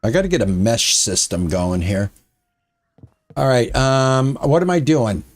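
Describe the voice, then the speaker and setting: A man talks his way through a farming game in a lively, up-and-down voice, musing aloud as he plays. He speaks slowly and unhurriedly into a headset, casual and rambling. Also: mid-range voice. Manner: chatty, thinks aloud while playing. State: out of breath. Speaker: gaming streamer. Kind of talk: casual gameplay commentary.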